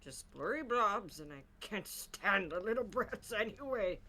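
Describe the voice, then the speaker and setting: A woman's voice: mid-range voice, animated, measured pace, pushed and bright. A woman voicing a grumpy, nearsighted old man who can't stand children, reading game dialogue with friends in a mocking tone. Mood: grumbling. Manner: cranky, mocking, playful exaggeration.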